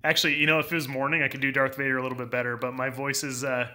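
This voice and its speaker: A young man streaming gameplay live with a very bright, sharp voice at a middling pitch. He rambles, restarts his sentences and laughs often as he reads chat. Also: flat delivery, racing. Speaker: game streamer. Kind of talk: casual live gameplay commentary.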